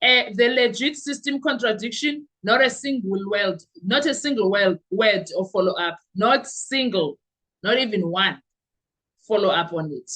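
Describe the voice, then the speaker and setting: A woman with a South African accent hosting a podcast, giving animated, sarcastic commentary full of rhetorical questions. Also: medium pitch, moderate pace, poor audio. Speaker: podcast host. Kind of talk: opinionated commentary.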